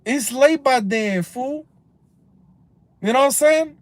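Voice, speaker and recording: A man ranting on a livestream, rambling and cursing, dropping Spanish slang, swinging from loud outbursts to low mutters. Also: animated, slow pace, no echo. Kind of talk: casual rambling livestream rant.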